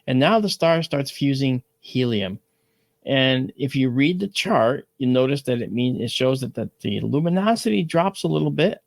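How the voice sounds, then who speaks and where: Gravelly man explaining astronomy casually. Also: mid-range voice, animated, normal speed, dry recording. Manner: explains with analogies, frequent "all right?" check-ins. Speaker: astronomy show host. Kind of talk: casual educational talk.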